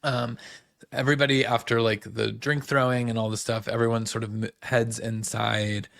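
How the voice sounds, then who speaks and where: A man's voice: medium pitch, normal speed, gravelly, dry recording, studio quality. A man hosting a casual reality TV recap, rambling with lots of fillers and acting out the cast's lines. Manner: animated, puts on the cast's voices in quotes. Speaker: host.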